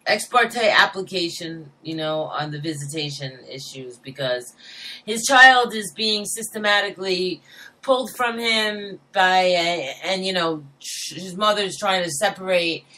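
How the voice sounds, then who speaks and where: A man co-hosting a casual chat, talking haltingly, restarting and trailing off with fillers. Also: sits high, sharp tone, distant mic.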